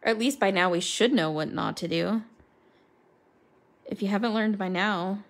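A woman's voice: medium pitch, moderate pace. A woman chatting casually and rambling as she colors, talking to her viewers by name. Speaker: crafter coloring live with viewers.

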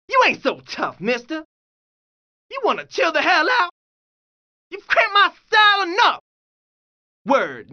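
A yelping cocky street dancer. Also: male voice, sharp tone, dull audio, heavily acted. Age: young adult. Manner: high yelping exclamations, slangy street talk. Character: brash young street dancer, cocky and hot-headed. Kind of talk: video game pedestrian voice lines.

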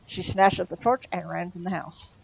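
A woman reading a novel aloud in a relaxed, conversational way. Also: fairly low pitch, normal speed, creaky, rough recording. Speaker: storyteller.

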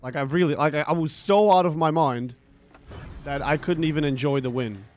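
Fed-up gamer dude ranting n cursing over his match, kinda high voice, keeps repeating himself. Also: moderate pace, darkish tone. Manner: frustrated, profane, repeats himself. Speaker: gaming streamer. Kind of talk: ranting story over gameplay.

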